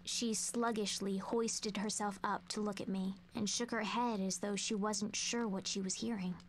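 An actress voicing a young girl who narrates a sad memory in a soft, slow, half-whispered game narration. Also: mid-range voice, steady tone, slight background noise, close to an everyday voice. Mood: wistful.

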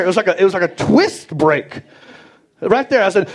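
Animated man doing stand-up. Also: sits high, moderate pace, slightly rough. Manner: animated storytelling, acts out others in big voices. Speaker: stand-up comedian. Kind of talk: stand-up comedy set. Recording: live club recording, roomy, loud crowd. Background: audience laughter.

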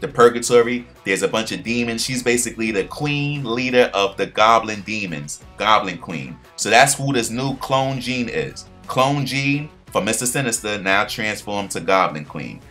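A man casually recapping a cartoon episode, retelling scenes with slang and fillers and acting out quoted lines in a higher voice. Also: lively intonation, normal speed, few pauses, pushed and bright, soft background music. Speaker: pop culture commentator.

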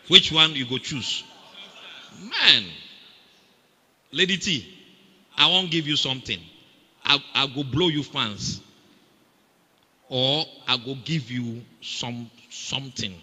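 A man delivers a sermon in a Ghanaian English accent, his tone very bright and piercing. He banters with the congregation and keeps drawing responses from them. His voice rings with the long reverb of a large hall. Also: medium pitch. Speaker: preacher.

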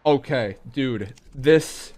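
A young man giving excitable, slangy live commentary on a mobile shooter game to his viewers, breaking into sudden high yelps. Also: drawn-out words, a little hiss or hum.

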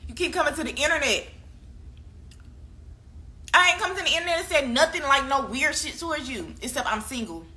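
A young woman being interviewed vents heatedly about a breakup, swearing freely and hammering the same points again and again. Her voice is high, animated, pushed and bright, moving fairly quickly but broken by long pauses.

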